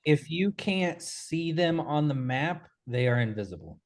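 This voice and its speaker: A man running a tabletop game as game master, giving calm, matter-of-fact rulings. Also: on the high side, a little slow.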